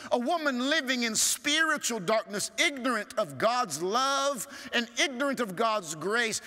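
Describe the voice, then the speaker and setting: A male pastor preaching a sermon, swinging from strong rising appeals to hushed, low asides. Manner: preaching with sweeping rises and hushed drops. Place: large church sanctuary. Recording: church hall reverb.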